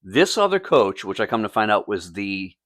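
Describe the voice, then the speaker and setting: A man's voice: on the low side, very animated, moderate pace, fairly bright tone, dry recording, clean studio sound. A man co-hosting a casual podcast, telling a story with lots of swearing and acted-out quotes, a youth soccer coach. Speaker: podcast co-host. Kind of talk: casual chat.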